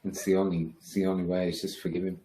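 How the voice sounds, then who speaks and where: This is a man interviewing a guest on a live stream. His voice is very deep. He talks slowly and quietly, in a measured way. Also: level tone, rough recording.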